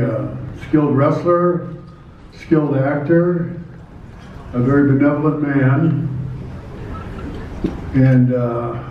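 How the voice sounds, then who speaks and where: An older man from Nebraska speaks at a podium, slowly and haltingly, with wry self-deprecating humor. His voice sits a little high for a man. The sound is dull and comes from a distance in a big echoing hall with faint noise behind. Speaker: award recipient giving a speech. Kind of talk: hall of fame acceptance speech.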